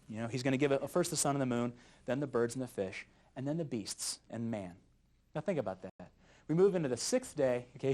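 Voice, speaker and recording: A man with a mid-range voice teaches a youth Bible study lesson in an animated, jokey style, often chuckling at his own jokes.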